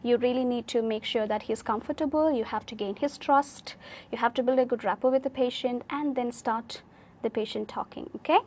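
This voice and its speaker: A woman's voice: fairly high pitch, brisk, a little mellow, a little hiss or hum. A woman with an Indian English accent teaching a live online speaking class, encouraging and correcting students' sentences, often checking with "okay?".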